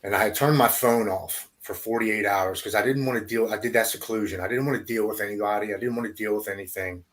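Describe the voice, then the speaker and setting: A man, a podcast guest, telling his recovery story haltingly, repeating words and going quiet at hard moments. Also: on the low side, steady tone.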